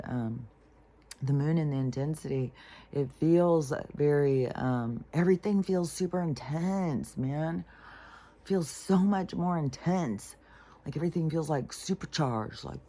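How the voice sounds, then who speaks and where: Speaking at a measured pace in a deep, dark voice, a spiritual vlogger recounts her day. It's a casual rant: she sounds irritated and frustrated, curses without restraint, and fills her rambling with plenty of fillers.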